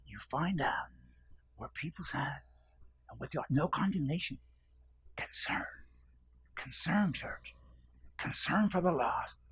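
A man preaching a sermon, dropping to hushed whispers and then rising to loud, fervent cries, repeating phrases for emphasis. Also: on the high side, breathy edge.

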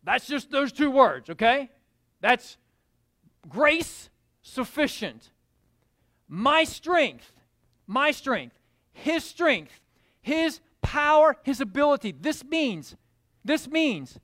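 A woman's voice: high-pitched, animated, slow pace, no room sound. A woman preaching a sermon who repeats key words for emphasis and puts questions to her listeners.

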